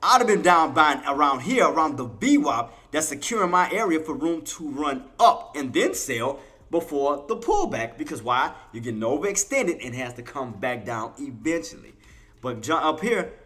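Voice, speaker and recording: On his live trading stream, a man with a mid-range, slightly bright voice gives intraday commentary. He speaks colloquially to the chat, whom he calls "y'all," repeating himself and quizzing viewers along the way.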